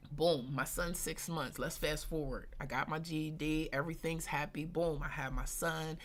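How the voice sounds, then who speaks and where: Gravelly-voiced woman telling a blunt story. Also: deep voice. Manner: colloquial and blunt, heavy slang and swearing; animated, addresses listeners directly. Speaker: host. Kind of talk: candid personal storytelling on a live stream.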